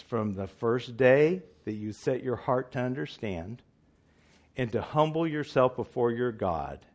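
A man's voice: medium pitch, darkish tone. A man preaching a sermon in earnest, emphatic style, asking his listeners questions.

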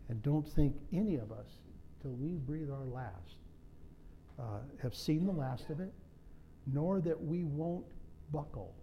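A man's voice: fairly high pitch, expressive, measured pace, highs cut off, slight background noise. A middle-aged man preaching a sermon in a conversational way, with humorous asides and personal stories. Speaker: pastor.

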